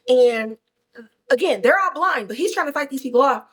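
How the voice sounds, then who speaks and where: A woman hosting a podcast, recapping a film in animated, slangy, casual chat. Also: high-pitched, normal speed, slightly rough, rough recording. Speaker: podcast host reviewing a film.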